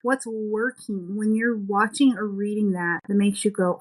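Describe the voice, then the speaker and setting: A woman's voice: mid-range voice, fairly even intonation, measured pace, low-quality recording. A woman who writes romance novels, a podcast guest chatting in an enthusiastic, thoughtful and modest way. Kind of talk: casual interview chat.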